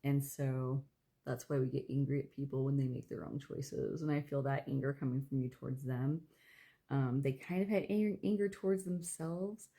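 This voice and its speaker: A woman giving a casual, rambling tarot reading, talking quietly with lots of fillers. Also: extremely low pitch, gravelly. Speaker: tarot reader.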